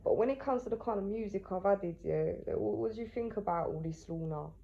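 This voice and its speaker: A woman's voice: medium pitch, fairly quick, creaky, a little hiss or hum. A woman talking casually to the camera, asking herself questions and answering them, tagging her lines with "yeah?" and often restarting. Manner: rambling, with many restarts. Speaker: vlogger and writer. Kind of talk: casual monologue. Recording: dull lo-fi sound.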